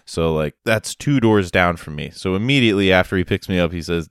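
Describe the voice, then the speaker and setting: A man's voice: low voice, brisk, clean tone, no echo, studio quality. A man telling rambling, sarcastic stories in a casual chat with a friend. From Massachusetts.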